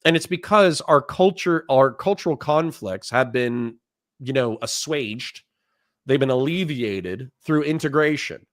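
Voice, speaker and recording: A man's voice: medium pitch, animated, a little slow, no room sound, clean studio sound. A young man hosting a livestream, reading old quotes aloud and ranting with profanity and rhetorical questions. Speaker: host. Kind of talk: livestream commentary.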